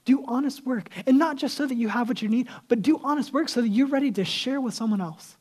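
A man's voice: extremely high pitch, quick pace, a little mellow. A male pastor preaching a sermon in a casual, conversational way, acting out the people he quotes and dropping to a whisper for emphasis.

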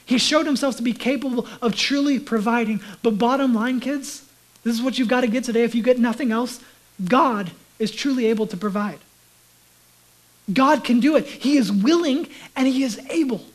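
Man preaching, hushed to soft whispers. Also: very high-pitched, normal speed, low-quality recording. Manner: conversational preaching, dropping to a hushed whisper for emphasis. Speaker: pastor. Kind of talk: sermon.

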